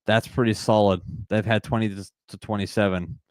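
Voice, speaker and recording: A man in his twenties with an Australian accent, hosting a live sports watch-party stream and chatting excitedly while reading out and greeting viewers from the chat. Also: lowish voice, fairly quick, clear, resonant tone, dry recording. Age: 20s. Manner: upbeat, reads and greets chat viewers, repeats phrases. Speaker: livestream host.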